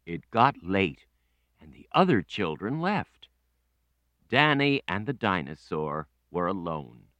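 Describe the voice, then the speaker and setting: A woman reading an English picture book aloud to children, slow, clear and expressive. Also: rumbling low. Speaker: storyteller.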